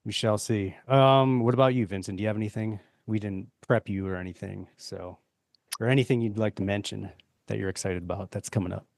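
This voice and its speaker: A man hosting a podcast, chatting in a relaxed, easygoing way with fillers. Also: fairly low pitch, a little fast, gravelly, dry recording, studio quality. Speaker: podcast host. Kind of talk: casual chat.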